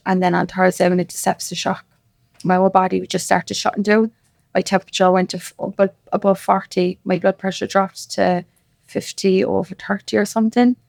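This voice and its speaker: A woman's voice: mid-range voice, gravelly, a little mellow, dry recording, clean studio sound. A woman with a Cork accent, a podcast guest telling her story casually, quoting other people's words as she goes. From Ireland. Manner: rapid, with quoted dialogue. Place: podcast studio.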